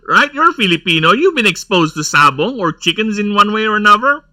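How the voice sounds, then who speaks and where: A man's voice: sits high, big pitch swings, a little fast, bright, forceful tone. A man giving casual, rambling gameplay commentary, going off on nerdy tangents and laughing often. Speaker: gameplay streamer.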